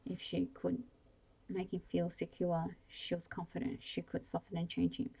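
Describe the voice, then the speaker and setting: A woman whispers a bedtime story in whispered role-play, low and breathy. Her voice has a gravelly edge and a dark, mellow tone. She reads slowly and evenly, with a few slips along the way. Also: completely flat delivery, poor audio. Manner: slow, soothing reading with small slips.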